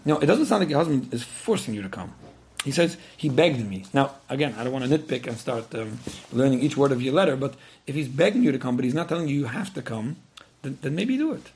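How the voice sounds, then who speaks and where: Animated and quick, his darkish medium-pitched voice carries over slight background noise. Replying to a listener's letter, he gives earnest advice, frequently repeating himself and voicing the things people might say.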